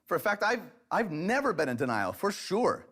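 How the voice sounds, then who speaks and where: A man raises his voice high to play a defensive wife who insists she is never in denial. The line comes out pinched and insistent, lifted well above his normal speaking pitch. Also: big pitch swings, normal speed, fairly bright tone, full character voice.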